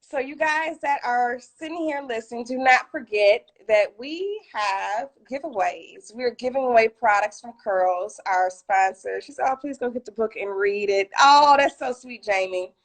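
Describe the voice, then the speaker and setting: A woman's voice: a little high, lively intonation, a little slow, hardly any pauses. A woman hosting a casual live video chat, telling stories and quoting friends with feeling, talking through a phone. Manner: storytelling, quotes friends, emotional and warm. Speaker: author and live stream host. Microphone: phone on a live video call.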